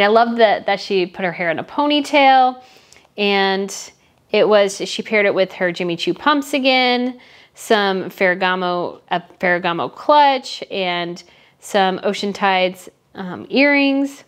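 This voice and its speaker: A woman's voice: medium pitch, a bit bright. Chatty opinionated woman reviewing outfits. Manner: chatty, opinionated, gushing and blunt. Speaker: royal fashion commentator. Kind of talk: casual chat.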